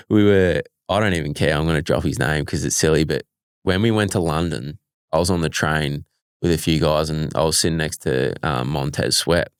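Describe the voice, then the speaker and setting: A man's voice: a bass voice, clean tone, dry recording, clean studio sound. A young Australian man, a professional punter, telling stories in an easygoing way as an interview guest. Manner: relaxed storytelling, easygoing. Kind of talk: casual interview chat.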